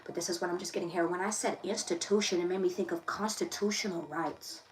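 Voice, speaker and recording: A woman's voice: fairly low pitch, steady tone, fast talker, slight background noise, low-quality recording. A young woman, reading tarot casually to camera in a confiding, emphatic way that repeats itself. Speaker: tarot reader.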